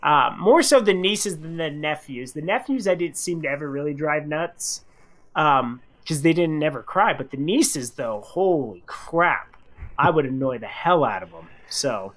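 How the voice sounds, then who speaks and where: A man co-hosting a radio show, reading funny listener anecdotes in casual chat and acting out the quoted lines with big pitch jumps. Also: animated, unhurried, a bit bright. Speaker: radio co-host.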